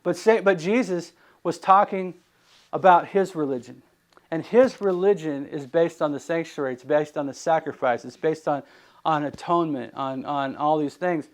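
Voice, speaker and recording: A man preaches informally in a somewhat high voice at an ordinary pace. Animated throughout, he quizzes his listeners with rhetorical questions and voices the people of the story himself.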